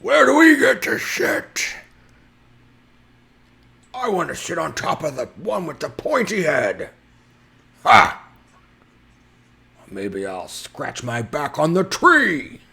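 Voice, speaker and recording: A man voicing a loud, rowdy, coarse giant brute with a booming voice. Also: sing-song, slow pace, gravelly, long pauses, full character voice. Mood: boisterous.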